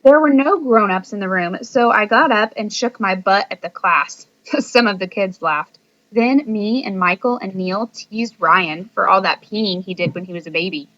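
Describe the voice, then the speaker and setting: A woman reading a children's book aloud in a lively, playful storytelling manner. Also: medium pitch, normal speed, dry recording, dull audio. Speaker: audiobook reader.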